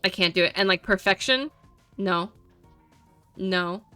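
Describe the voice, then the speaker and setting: A woman's voice: medium pitch, measured pace, sharp tone, clean tone, no echo, faint music behind. A young adult woman streamer chatting casually with viewers, rambling and repeating herself, filling with "like".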